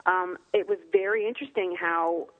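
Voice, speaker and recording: A woman's voice: fairly low pitch, fairly even intonation, moderate pace. A woman author chats in an interview, spinning anecdotes and slipping into playful voices for quotes. The recording is slightly dull and lo-fi. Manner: chatty storyteller acting out quotes in playful voices. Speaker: guest author. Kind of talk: casual interview chat.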